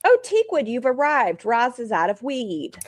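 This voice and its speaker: A woman's voice: on the high side, sing-song, measured pace, dry recording, studio quality. A woman co-hosting a live reaction stream, chatting casually with sarcastic jokes. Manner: sarcastic, joking. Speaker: co-host.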